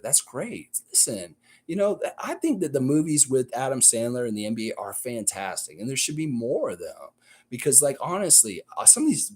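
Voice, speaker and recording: A man's voice: mid-range voice, a little mellow, slightly rough. A man with a Southern American accent, streaming live and reading chat comments aloud, ranting in a heated, blunt and profane way. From United States and Canada. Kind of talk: casual live-stream rant.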